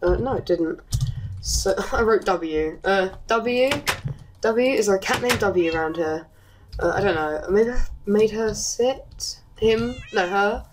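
Woman gaming YouTuber, casual commentary, excitable, rambling, mid-pitched voice, faint background noise. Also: slow pace, low-quality recording. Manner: chatty, rambling, giggly, excitable.

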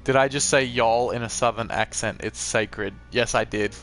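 A casual man commentating his own gameplay live, chatting easily with viewers and reading their comments aloud. His voice sits at an ordinary middle pitch. Game music plays clearly underneath the whole time. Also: steady tone, normal speed, a bit bright. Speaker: live streamer host.

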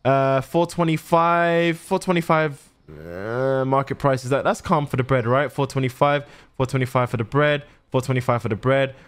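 A young man gives casual, excitable game commentary, swearing often and talking to his chat. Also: mid-range voice, normal speed, clear, resonant tone. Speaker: gaming streamer.

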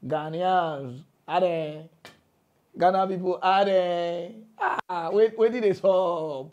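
A man with a Nigerian Pidgin English accent, giving animated comic commentary and laughing between his lines. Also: high-pitched, slow pace. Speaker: comedian.

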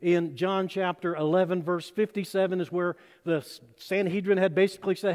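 A man preaching a sermon as pastor, telling stories and acting out voices, swinging between loud bursts and hushed lines. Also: high-pitched, flat delivery, a little fast, few pauses. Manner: storytelling, acts out quoted voices with sudden loud and soft turns. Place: church sanctuary. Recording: long hall reverb.

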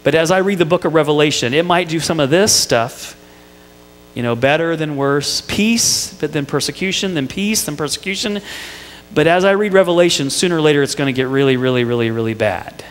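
A man's voice: a little high, fairly quick, in a large hall. A middle-aged male pastor preaching a sermon, telling family stories with playful asides to the congregation. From Indiana. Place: church sanctuary.

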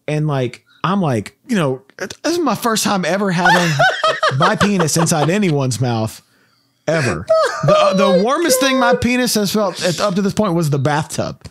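A man from Tennessee hosting a podcast, telling a rambling, animated story and laughing often. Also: high-pitched, moderate pace, very noisy. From Tennessee, USA. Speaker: podcast host. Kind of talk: casual storytelling chat.

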